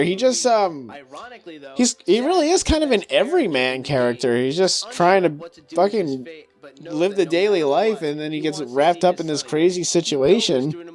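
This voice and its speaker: A young man giving casual commentary on his own video review, ranting and swearing freely. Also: sits high. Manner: ranting, profane, animated.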